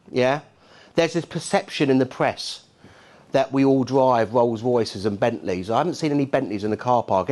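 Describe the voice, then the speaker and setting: A middle-aged man with a Cockney accent gives a keynote to a conference audience. His delivery is punchy and rhetorical. He keeps checking in with the crowd with quick asides. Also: medium pitch, darkish tone. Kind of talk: lively conference speech. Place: conference hall.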